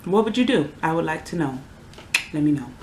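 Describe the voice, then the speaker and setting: A young adult in their twenties rants heatedly to the camera, exasperated and prone to sudden outbursts. The voice carries a gravelly fry. It sounds roomy and echoey, with a faint hiss underneath. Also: medium pitch, very animated, a little fast, darkish tone. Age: 20s. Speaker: vlogger. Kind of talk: casual ranting vlog. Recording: roomy echo.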